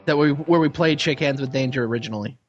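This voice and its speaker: A man's voice: medium pitch, quick pace, dull audio, faint music behind. A man co-hosting a podcast in casual chat, trading dry, wisecracking banter. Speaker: podcast co-host.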